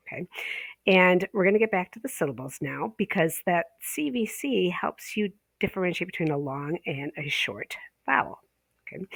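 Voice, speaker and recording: An ESL teacher trainer gives an online pronunciation lesson, walking through each point step by step and adding "okay?" to check in. She slows down and stretches out her example words. Her voice is fairly low and the recording is dry.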